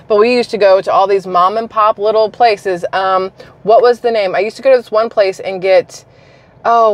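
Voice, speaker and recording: A woman from South Carolina, a YouTuber giving casual news commentary in a chatty, blunt and digressive way. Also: mid-range voice.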